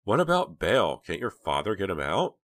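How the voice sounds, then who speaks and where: Narrator doing insistent teen girl in an audiobook, higher, loud. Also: moderate pace, no room sound. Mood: upset. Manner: upset, insistent. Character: shaken teenage girl defending a friend.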